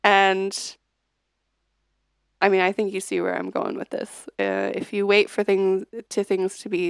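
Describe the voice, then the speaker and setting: A woman's voice: medium pitch, expressive, a little slow, clean tone, dry recording, studio quality. A woman streaming live as a musician, chatting casually with many fillers and restarts. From United States. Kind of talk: casual livestream chat.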